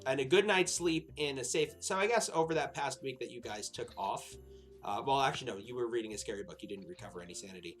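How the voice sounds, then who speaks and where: A man's voice: mid-range voice, expressive, quick pace, faint music behind. A man running a tabletop horror game as game master, describing scenes and rules with many fillers. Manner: rambling with frequent fillers and laughs.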